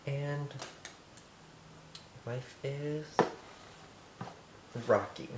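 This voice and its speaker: A man's voice: mid-range voice, fairly even intonation, very slow. A teenage guy from Montana chatting through a casual home baking vlog, sassy, campy and full of swearing. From Montana, USA. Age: teens. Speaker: vlogger. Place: home kitchen. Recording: echoey room with background noise.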